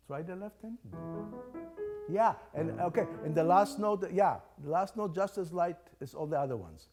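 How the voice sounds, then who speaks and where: This older man sounds expressive, his voice on the high side and his speed normal. Leading a music master class, he coaches young musicians playfully and encouragingly, singing phrases aloud as examples, with faint chamber music behind him.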